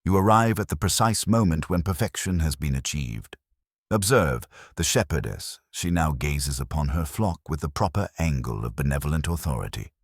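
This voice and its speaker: Deep-voiced guy doing a fussy older detective, pompous and measured, swoops up and down, storybook reading. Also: lively intonation, slightly rough, no room sound, clean studio sound, heavily acted. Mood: lecturing. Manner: pompous, measured, gently reproachful. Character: fussy, precise older Belgian male detective.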